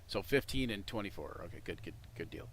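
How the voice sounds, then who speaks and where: A man's voice: low-pitched, expressive, a little fast. A man running a tabletop game as game master, rambling with many restarts and fillers.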